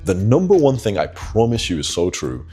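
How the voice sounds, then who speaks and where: A man's voice: fairly low pitch, wildly swooping pitch, normal speed, dark tone, husky, soft background music. A young man giving dating advice in casual talk to the camera, sitting indoors late at night, blunt and swearing. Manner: blunt, swearing, confiding, persuasive. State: tired late-night morning voice.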